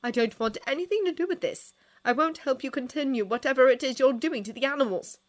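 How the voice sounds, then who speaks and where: A woman's voice: medium pitch, very animated, normal speed, voice pushed up. A woman reading a fanfiction story, voicing a fierce, defiant young woman who snaps back emphatically. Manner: sharp, snapping, emphatic.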